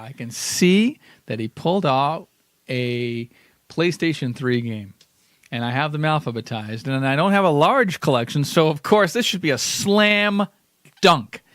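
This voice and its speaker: A man's voice: fairly high pitch, a bit bright, no room sound. A man co-hosting a podcast in casual comedic chat, sarcastic and mocking himself. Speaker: podcast co-host.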